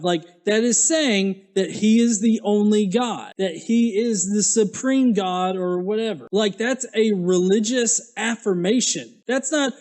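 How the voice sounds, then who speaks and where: Man, high voice, sarcastic, crude, mocking commentary host. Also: a little slow, few pauses, darkish tone. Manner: sarcastic, heavy swearing, mocking. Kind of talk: profane reaction commentary.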